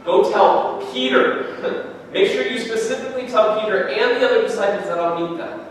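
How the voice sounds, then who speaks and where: A man's voice: sits high, fast talker. A male pastor delivers an earnest sermon, often repeating words and acting out quoted dialogue. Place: church sanctuary. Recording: echoey hall, distant mic, faint noise.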